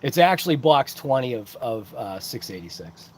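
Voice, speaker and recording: A man's voice: mid-range voice, very animated, normal speed, slight background noise. A man hosting a casual livestream who rambles along and greets chat viewers by name. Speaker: host of a hobby livestream. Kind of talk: casual live-chat unboxing.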